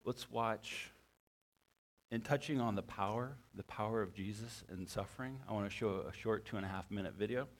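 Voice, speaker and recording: A man with a low voice preaches a sermon. He speaks in a halting way, often repeating words and restarting phrases. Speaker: pastor.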